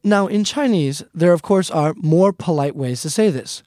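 A man's voice: fairly high pitch, animated, moderate pace, a little mellow, no echo, studio quality. A man teaching a casual language lesson, friendly and repetitive, often calling the listeners "guys". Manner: friendly, repeats points, calls listeners "guys".

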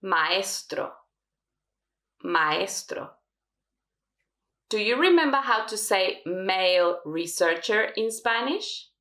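A woman teaching a language lesson, slowly modelling each word twice for learners. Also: medium pitch, expressive, bright, forceful tone, echoey room. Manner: slow, careful modelling of words. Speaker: Spanish teacher.

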